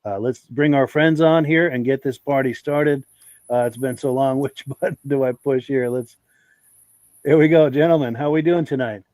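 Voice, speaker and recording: Gravelly-voiced podcast host, dry sound. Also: male voice, medium pitch, normal speed, darkish tone, no echo. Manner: friendly, talks straight to viewers. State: lingering cough. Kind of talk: live podcast chat.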